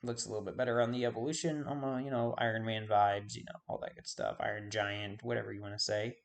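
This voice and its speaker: A man's voice: lowish voice, steady tone, fast talker, creaky. A man giving casual video game commentary, rambling and forgetting names with self-deprecating asides. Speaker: YouTube host.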